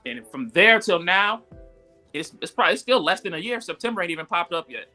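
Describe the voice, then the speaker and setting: A man telling a story in casual live-stream talk, animated and full of "like" and "yo", jumping high when he quotes people. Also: brisk, music in the background. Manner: animated, acts out quotes with sudden high pitch jumps; frequent fillers "like" and "yo". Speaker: guest entrepreneur.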